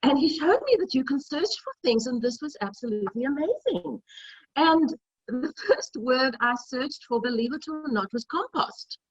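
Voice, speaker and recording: A woman's voice: high-pitched, big pitch swings, moderate pace, husky, no echo. A middle-aged woman hosting a casual cooking demo over a video call, chatty and telling stories as she cooks. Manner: chatty, storytelling. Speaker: cooking demonstrator. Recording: dull lo-fi video call audio.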